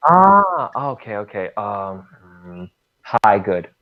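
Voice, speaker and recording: A man's voice: lowish voice, sing-song, extremely slow. A man playing a tabletop game, talking in a hesitant, unsure way. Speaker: player. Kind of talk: casual tabletop game chat. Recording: dull lo-fi sound.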